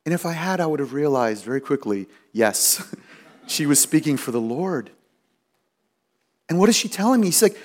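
Middle-aged male pastor, high-pitched, storytelling sermon delivery. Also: animated, normal speed, long pauses. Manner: storytelling, acts out quoted voices with rising pitch.

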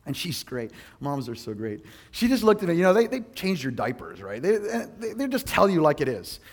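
A male pastor preaching a sermon, earnest and self-deprecating, telling personal stories in an animated way. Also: a little high, moderate pace, breathy edge.

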